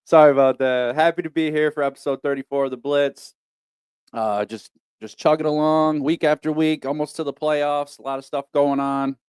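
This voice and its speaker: A man's voice: on the high side, fairly even intonation, moderate pace, a little mellow, clear, resonant tone, no room sound, clean studio sound. A man co-hosting a casual sports podcast, laid-back and rambling, often repeating himself. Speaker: podcast co-host.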